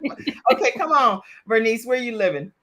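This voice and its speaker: Woman talk show host, playful and teasing, quick to laugh, video call sound. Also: a little high, expressive, pushed and bright. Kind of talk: lively online talk show chat.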